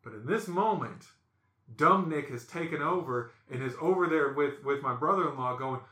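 A bright-voiced man spins a funny story on a casual podcast, jumping into animated voices for the people in it. His voice sits a bit high and carries with a ringing edge. The room around him has a clear echo. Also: normal speed. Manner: animated, acts out quotes with lively voices. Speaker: podcast host.

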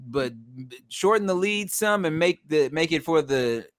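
A man co-hosts a sports podcast in loose, playful banter. His pitch swings up and down a lot as he talks. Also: unhurried. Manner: animated, playful, says "my brother" and "brother". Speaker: podcast co-host. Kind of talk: casual sports chat.

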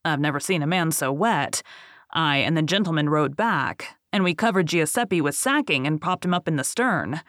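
A weary older boatman, bitter and grave, recounting his tale in a steady, even storytelling voice, as an audiobook reader puts him on. The voice sits at a middling pitch. It is recorded dry and close, with no room around it. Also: normal speed, dry recording, close to an everyday voice. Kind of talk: audiobook reading.

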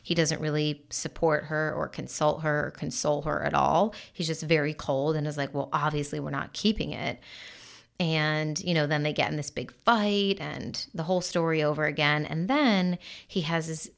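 Low-voiced woman talking about relationships. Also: fairly even intonation, normal speed, creaky, few pauses. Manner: chatty, lots of "like" and "you know", acts out quotes. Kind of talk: casual commentary on relationships.

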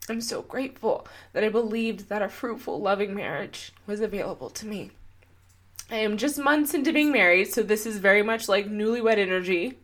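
A woman's voice: medium pitch, normal speed, fairly bright tone. A young woman hosting a solo motivational podcast, speaking earnestly and encouragingly and putting repeated questions to her listener. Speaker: podcast host and coach.

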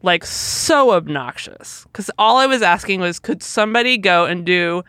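A woman's voice: lowish voice, lively intonation, normal speed, a bit bright, clear, resonant tone, no echo, clean studio sound. Woman telling a gripping personal story. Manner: emotional, vivid retelling with quoted dialogue. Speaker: podcast co-host.

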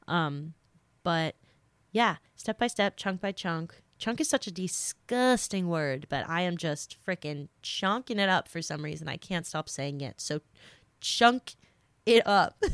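A young woman hosting a podcast talks through listener questions, giving casual advice in a chatty, earnest way packed with fillers. She sounds slightly sick. Her voice is on the low side and smooth, recorded with no room sound.

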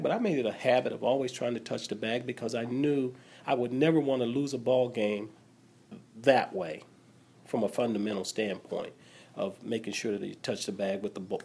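A man's voice: medium pitch, creaky, darkish tone, slightly rough. An older man, a former middle infielder, talking as a guest in a casual interview, telling his stories in a reflective, matter-of-fact way.

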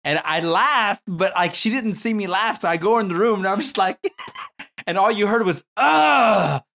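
A man in his thirties with a slightly high voice talks in loose, halting casual chat. He restarts his sentences again and again, stumbles along, and sometimes gets loud and excited. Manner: rambling, halting, many restarts, bursts into loud excited yelling.

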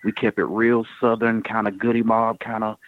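Man, singer guest, low voice, relaxed rambling talk, tinny phone sound. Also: moderate pace. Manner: laid-back, rambling with many fillers. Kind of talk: casual radio interview.

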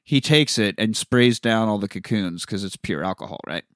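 A man's voice: fairly low pitch, normal speed, no room sound. Podcast guy retelling a movie scene by scene, cussing a lot, dry sound. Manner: profane, animated retelling with quoted voices. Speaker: podcast co-host. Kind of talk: casual movie recap chat.

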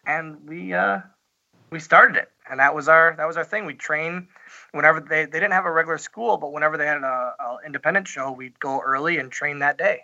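A man's voice: fairly high pitch, vocal fry, bright, forceful tone, lo-fi sound. A man, a guest, telling stories in a casual interview with many fillers and restarts. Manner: halting, lots of fillers and restarts, chuckles. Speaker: guest, professional wrestler.

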